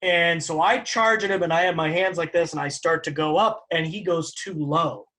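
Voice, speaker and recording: A man's voice: on the high side, normal speed. Man animatedly retelling a stage mishap. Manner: lively, laughing reactions and animated retelling. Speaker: podcast co-host and stage actor. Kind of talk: casual storytelling chat.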